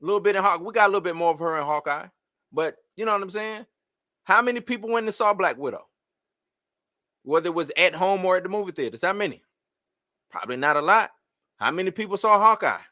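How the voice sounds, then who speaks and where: Live-stream host, man, bright high voice, exasperated rhetorical rant, dry close sound. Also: fast, long pauses, no room sound. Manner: animated, rhetorical questions, exasperated. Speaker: host of a live movie-news show. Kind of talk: casual live-stream commentary.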